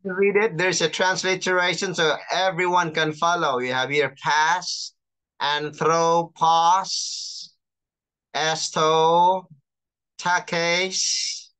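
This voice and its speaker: A chaplain teaching an online class, patiently explaining and reading out terms slowly over a video call. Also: mid-range voice, little pitch movement, a bit bright, clean tone. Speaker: chaplain and lecturer.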